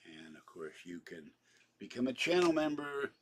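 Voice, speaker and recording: A man's voice: mid-range voice, sing-song, normal speed, a bit bright, slight background noise. A man rambling on a home livestream, wandering between complaints and asides with frequent restarts. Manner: meandering, complaining, with many restarts and laughs. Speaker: YouTuber livestreaming. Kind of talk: rambling casual live chat. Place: home apartment.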